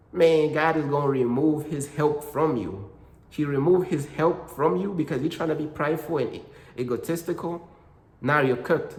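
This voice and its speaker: A man giving a casual faith talk, full of slang, calling the listener "bro" again and again. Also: on the high side. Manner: slangy, repeats "bro" and "you know what I'm saying". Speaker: Christian content creator. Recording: echoey room with long reverb.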